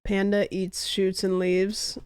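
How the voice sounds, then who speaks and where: A woman's voice: medium pitch, monotone, slow pace, a little mellow, clear, resonant tone, dry recording, studio quality. A young woman streamer in casual chat, rambling and musing aloud with lots of "like" fillers.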